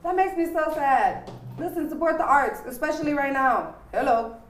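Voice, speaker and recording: A woman hosting a casual interview show, lively and playful, laughing often as she talks. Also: high-pitched, normal speed, a little hiss or hum. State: married. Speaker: host. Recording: echoey room.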